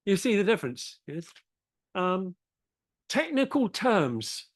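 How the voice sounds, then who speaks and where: A woman English teacher gives slow, halting feedback on word usage, often stopping and restarting her sentences. Her voice sits at a middle pitch and sounds close and dry, with almost no room echo. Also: sing-song, slightly rough.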